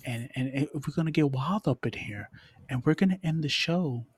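A man's voice: fairly high pitch, moderate pace, slightly rough, no echo, studio quality. A man hosting a podcast, chatting casually with a rambling, stammering manner full of restarts. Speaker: podcast host. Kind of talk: casual chat.

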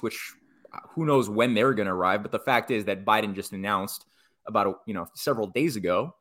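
A man's voice: lowish voice, brisk. Rambling male commentator. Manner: rambling, many restarts, animated asides. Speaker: guest commentator. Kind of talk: political commentary in conversation.

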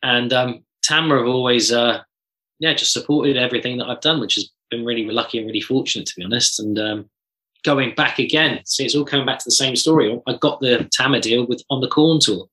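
Male drummer, bright voice, lively anecdotal chat, swears freely. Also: mid-range voice, brisk, poor audio. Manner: animated storyteller, swears casually. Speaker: drummer guest. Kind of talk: casual podcast chat.

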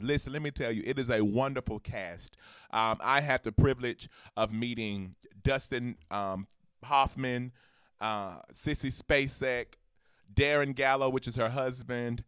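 A man from Georgia, hosting a podcast and making an excited announcement to his listeners with preacher-like calls to action. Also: medium pitch, dry recording, clean studio sound. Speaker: podcast host.

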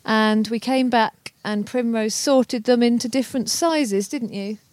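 A woman's voice: a little high, measured pace, a little mellow. A woman, a parent, recapping the day's activities with her child and coaxing answers with tag questions.

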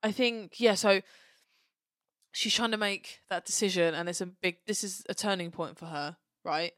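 A woman's voice: mid-range voice, fairly even intonation, moderate pace, a bit bright, dry recording. A woman co-hosting a podcast in casual chat, frank and chatty with dry asides. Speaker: podcast co-host.

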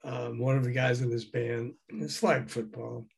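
An older man, a guest in an interview, telling animated anecdotes with chuckles and acting out quoted dialogue. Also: medium pitch, a little slow, gravelly, breathy edge. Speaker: guest, former record promotion man. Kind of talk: casual storytelling interview.

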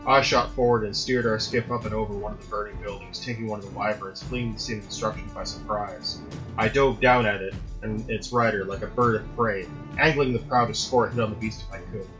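Guy reading a fantasy adventure, steady dramatic voice, music behind him. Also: on the low side, a little fast, rough recording. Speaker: narrator. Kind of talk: scripted audiobook narration.

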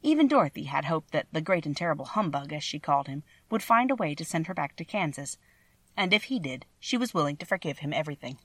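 A woman's voice: low-pitched, very animated, fast talker, no echo. Woman reading a storybook aloud. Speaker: audiobook narrator. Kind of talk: scripted narration.

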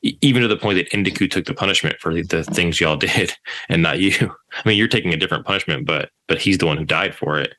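A man's voice: low-pitched, quick pace, pushed and bright. A man co-hosting a podcast, discussing a book in a casual, hesitant way with frequent restarts. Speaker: podcast co-host.

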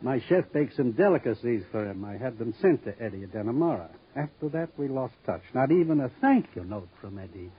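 An actor playing a smooth, menacing gambling boss who mocks a detective, in 1950s radio drama acting. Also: male voice, medium pitch, animated, fairly quick, hardly any pauses. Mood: mocking. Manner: silky, mocking, theatrical. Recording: dull old radio recording.

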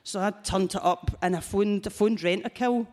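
A Scottish woman telling crude, lively comic stories on stage at a live show. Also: medium pitch, moderate pace. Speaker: comedian guest.

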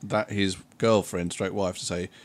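A man's voice: sits low, level tone. A man co-hosting a podcast, teasing and joking in a dry, casual chat. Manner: dry, teasing, quick to joke. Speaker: podcast co-host.

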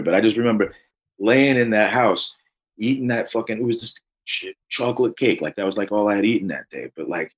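Male guest, low husky voice, rambling storyteller who swears freely, dull lo-fi remote audio. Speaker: guest, author. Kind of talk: casual interview chat.

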